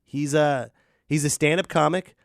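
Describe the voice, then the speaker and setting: A man hosting a solo podcast, ranting in an animated, jokey way. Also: fairly high pitch, normal speed, creaky, no room sound, studio quality. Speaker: podcast host. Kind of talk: casual solo podcast rant.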